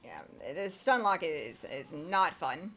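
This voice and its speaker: A woman's voice: low-pitched, sing-song, takes it slowly, pushed and bright. A young woman streaming a video game, chatting casually in a rambling way, with lots of fillers and casual swearing. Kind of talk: casual gameplay commentary.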